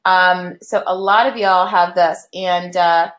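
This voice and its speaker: A woman's voice: fairly low pitch, steady tone, slow pace, fairly bright tone. A young woman hosting a live online webinar, greeting viewers in an upbeat, chatty way with many fillers. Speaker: webinar host. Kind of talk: casual live-stream chat. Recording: echoey room.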